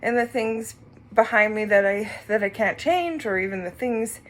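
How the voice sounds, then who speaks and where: A woman sharing her recovery in a casual vlog, short of breath as she rides an exercise bike, speaking reflectively with pauses. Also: medium pitch. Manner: slow, reflective, with pauses and soft laughs.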